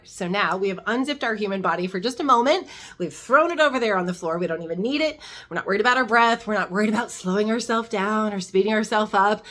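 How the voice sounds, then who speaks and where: A woman leading a gentle guided meditation as a spiritual guide, coaxing and slow, counting down in a soft hush. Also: medium pitch.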